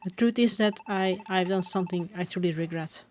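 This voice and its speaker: A woman's voice: on the low side, brisk, a little hiss or hum, lightly acted. A woman reading the lines of a worried female psychic fox creature in a game, earnest and apologetic, close to her own voice.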